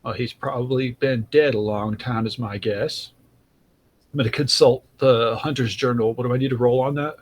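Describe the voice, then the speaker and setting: A man's voice: medium pitch, fairly even intonation, normal speed. A man playing a tabletop horror game, laid-back and matter-of-fact. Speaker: player. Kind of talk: tabletop role-play.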